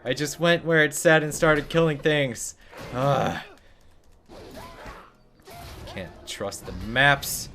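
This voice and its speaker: A man's voice: mid-range voice, slow, pauses often, pushed and bright, soft background music. A young man streaming a game, giving casual commentary full of sarcastic jokes and muttered asides.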